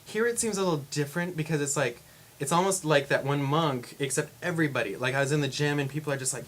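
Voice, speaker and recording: A man's voice: a little high, fast, a bit bright, a little hiss or hum. A young man rambling in a casual vlog from his room, laughing often and acting out what people say. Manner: rambling and chatty, laughs often, acts out quotes. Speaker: vlogger. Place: home room indoors. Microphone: camera facing speaker.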